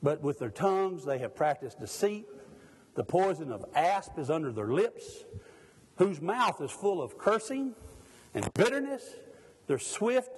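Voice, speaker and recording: Man preaching, husky, rather high voice, lively up and down, long church-hall reverb. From Mississippi, USA. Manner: fervent, asks the congregation pointed questions, jokes at himself. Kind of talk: sermon.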